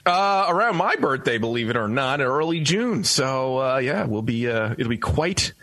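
A man's voice: mid-range voice, sing-song, normal speed, sharp tone, no room sound. A man in his thirties co-hosting a casual radio show, chatty and telling stories, laughing along. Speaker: co-host.

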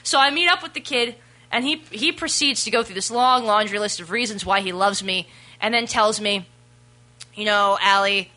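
Speaking at an ordinary pace in a mid-range voice, a young woman co-hosting a casual radio program tells a lively story. She swears without restraint and imitates what people said.

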